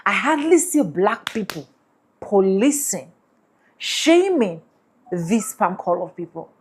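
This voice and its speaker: A woman hosting a commentary channel, talking emphatically and repeating phrases slowly for stress. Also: medium pitch, sing-song, slight background noise. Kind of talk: casual commentary.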